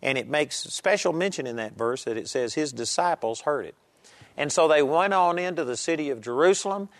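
A man's voice: on the high side, expressive, a little fast, no echo. A man preaching a sermon and teaching from a Bible text in an earnest, emphatic way. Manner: earnest, emphatic, varying loudness.

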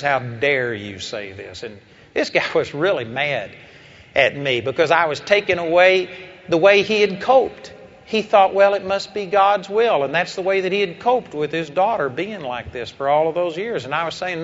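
A man's voice: a little high, a bit bright. A man preaching a sermon, telling a story with impassioned, emphatic delivery. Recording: dull lo-fi recording.

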